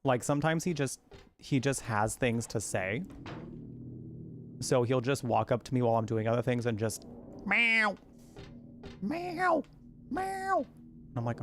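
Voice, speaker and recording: A man's voice: medium pitch, fairly even intonation, normal speed, long pauses, a little mellow, faint music behind. A man from Arizona chatting casually while he plays a game, rambling and cooing at his cat now and then. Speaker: gaming streamer.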